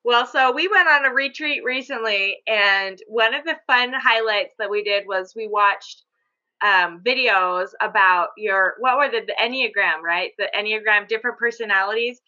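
A woman's voice: mid-range voice, normal speed, bright, forceful tone, highs cut off. A woman co-hosting a podcast in casual chat, rambling a little with fillers as she tells a story. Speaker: podcast co-host.

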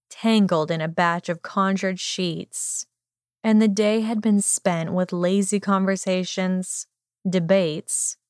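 A woman reads a romance story aloud at a slow, unhurried pace. Her voice sits at an ordinary middle pitch, recorded close and dry with no room echo. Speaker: narrator. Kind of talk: audiobook reading of fan fiction.

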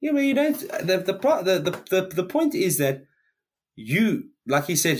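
A man's voice: a little high, big pitch swings, normal speed, slightly rough. A man, co-hosting a podcast, ranting heatedly in casual chat and swearing often. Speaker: podcast co-host.

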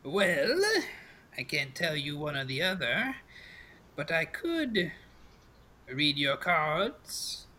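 A man voicing a hunched old woman fortune teller with a crackling voice, slow and knowing. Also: low-pitched, expressive, sharp tone, heavily acted. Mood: sly.

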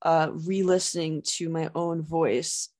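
A woman's voice: low voice, flat delivery, unhurried, darkish tone. A young woman hosting an interview podcast, chatty and casual, often saying "like". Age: young adult. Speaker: podcast host.

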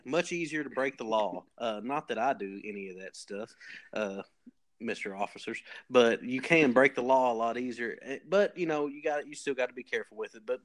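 A man with a Kentucky drawl who talks in loose, folksy rambles. He plays his comic boasts completely straight and keeps restarting his sentences. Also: mid-range voice. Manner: rambling, folksy, deadpan tall tales with many restarts. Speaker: podcast guest posing as a communication expert. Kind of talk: comedic podcast banter.

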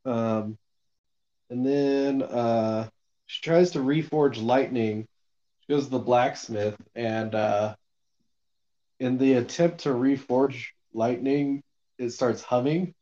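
Slow, mellow-voiced man recapping a book. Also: medium pitch, muffled recording. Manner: rambling, filler-heavy, swears casually. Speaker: podcast co-host recapping a book. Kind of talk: casual book discussion.

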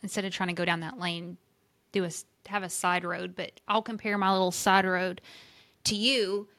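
A woman with a Southern US accent co-hosting a casual podcast, lively and emphatic with playful exclamations. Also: on the low side, moderate pace. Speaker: podcast co-host.

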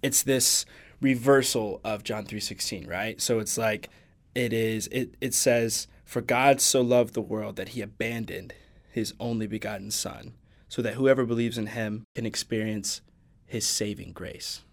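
A man's voice: on the low side, steady tone, unhurried. A man in a casual podcast conversation, earnestly quoting and unpacking scripture. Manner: earnest, quotes scripture at length. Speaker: podcast guest. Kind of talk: casual faith discussion.

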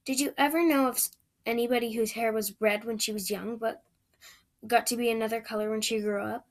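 A woman's voice: a little high, fairly even intonation, a little fast, lightly acted. A woman voicing a chatty, dreamy eleven-year-old red-haired girl who gushes in romantic chatter. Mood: gushing, dreamy. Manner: breathless, gushing, romantic chatter.

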